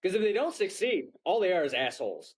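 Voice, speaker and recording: A man's voice: sits high, sing-song, a little fast, slightly rough, poor audio. A man co-hosting a casual podcast, cutting in with wry comments. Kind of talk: casual chat.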